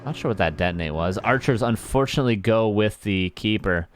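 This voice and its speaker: Lively playful male game caster. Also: lowish voice, a little fast, slight background noise. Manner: playful, chatty, joking asides. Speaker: esports caster. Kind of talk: live game commentary. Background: faint game music.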